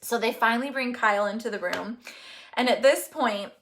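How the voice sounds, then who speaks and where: A woman's voice: fairly high pitch, moderate pace, fairly bright tone, slight background noise. Chatty young woman telling a story. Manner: candid, chatty storytelling with many fillers; gets emotional, laughing and crying. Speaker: vlogger. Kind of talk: casual chat.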